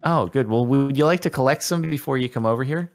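A man's voice: medium pitch, quick pace. A man streaming a game in casual chat, laid-back and dry, laughing easily.

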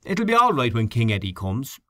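A man's voice: mid-range voice, wildly swooping pitch, a little fast, a bit bright, no echo. A man reading an audiobook, voicing a breezy male campaign worker.

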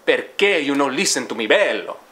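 A man putting on an excitable, exasperated Italian restaurant man with an Italian accent. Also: medium pitch, brisk. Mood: indignant. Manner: animated, exasperated.

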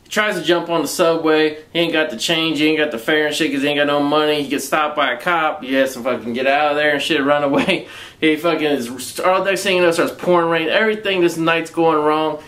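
A man's voice: fairly high pitch, steady tone, a little fast, a bit bright. A man with a Southern US accent reviewing a movie in a rambling, casual way, swearing constantly and using slang.

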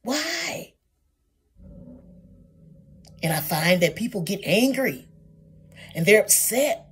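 A woman's voice: fairly low pitch, expressive, a little slow, slightly rough, soft background music. A woman preaching a sermon, calling her listeners saints and asking question after question, sometimes dropping to a whisper.

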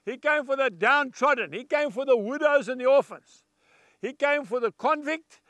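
A man's voice: very high-pitched, moderate pace, pushed and bright, dry recording. A man preaching a televised gospel message, talking to viewers in an earnest, folksy and emphatic way.

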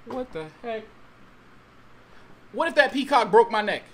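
A man telling a story-time tale in a vlog, excitable and slangy, with exaggerated storytelling and sudden outbursts. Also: extremely high pitch, unhurried. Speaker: YouTube storyteller.

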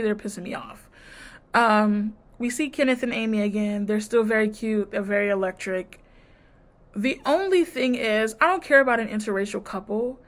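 A woman vlogger giving a casual, sassy and blunt recap of a reality TV show, mimicking the cast as she goes. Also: medium pitch. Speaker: TV review vlogger.

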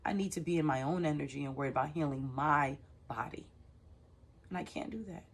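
A woman's voice: low-pitched, fairly quick, breathy edge. A woman hosting her own tarot channel, speaking frankly and personally in a direct-to-camera vlog, with frequent filler sounds. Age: adult with children. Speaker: tarot reader and channel host.

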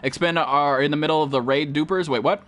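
A man's voice: fairly high pitch, steady tone, fast, fairly bright tone. A man live-streaming a game, chatting casually and profanely with viewers and greeting them by name.

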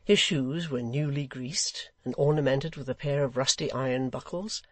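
A man narrating a classic novel audiobook in a measured, deliberate way. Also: mid-range voice, fairly bright tone, no room sound.

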